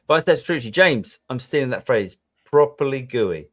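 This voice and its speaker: Male host, mid pitch, rambling and self-interrupting, casual chat. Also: expressive, normal speed. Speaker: host reading viewer questions.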